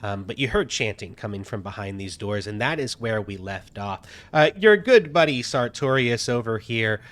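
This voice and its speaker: A man running a tabletop game as game master, talking in a halting way with many fillers as he narrates scenes to his players. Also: fairly low pitch, expressive, a bit bright. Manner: halting, many fillers while reading out descriptions.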